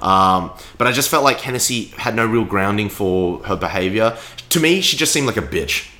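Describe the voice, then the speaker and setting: A young man talks through a film review in a casual chat, pausing and restarting as he thinks. His voice sits fairly low but sounds bright and forward. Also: lively intonation. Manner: hesitant, many fillers and restarts. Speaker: podcast co-host reviewing a film.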